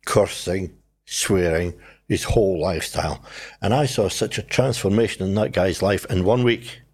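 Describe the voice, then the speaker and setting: An older man, telling his life story in a relaxed conversation and acting out the voices of people in it. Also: deep voice, moderate pace. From New Zealand. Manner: animated storyteller, acts out his own past voice and others. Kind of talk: conversational testimony.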